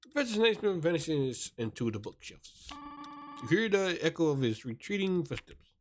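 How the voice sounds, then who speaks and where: A man serving as game master, narrating a tabletop role-playing scene in a descriptive, unhurried way, sometimes stumbling over words. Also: on the high side, sing-song, slight background noise. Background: music.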